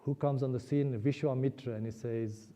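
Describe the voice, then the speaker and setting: A man giving a spiritual discourse at a temple celebration, retelling a scripture story with animated emotion. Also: mid-range voice, moderate pace. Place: temple hall. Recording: muffled sound in a reverberant hall.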